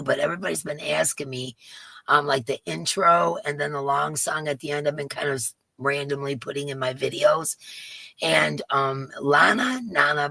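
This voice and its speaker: Craft livestream host, woman, low and gravelly, dry close sound, chatty and warm with viewers. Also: no room sound. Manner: chatty, greets viewers by name, laughs often. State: voice rough today. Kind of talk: casual livestream chat. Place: home craft room.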